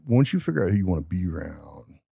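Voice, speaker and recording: A man's voice: sits low, sing-song, fast, vocal fry, mellow, husky, no echo, clean studio sound. A man telling stories in a casual podcast conversation, emphatic and motivational. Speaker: podcast guest.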